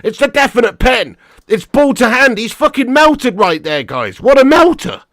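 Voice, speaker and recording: Male fan-streamer, high bright voice, dry close sound, swears freely and shouts at the ref. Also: normal speed, no echo. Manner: swears a lot, excitable, chats to viewers. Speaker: football watch-along host. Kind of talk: live match watch-along commentary.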